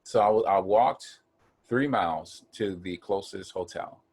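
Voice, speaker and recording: A man from Ohio earnestly telling a personal story of hard times in a casual chat, getting animated when he acts out quotes. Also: fairly low pitch, unhurried, slightly rough. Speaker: guest.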